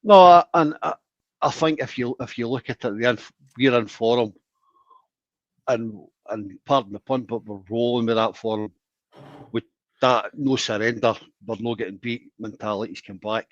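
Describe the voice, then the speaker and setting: A man calling into a football phone-in, talking passionately in quick bursts. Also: mid-range voice, dry recording. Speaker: caller. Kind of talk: casual phone-in chat. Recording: dull dry phone line.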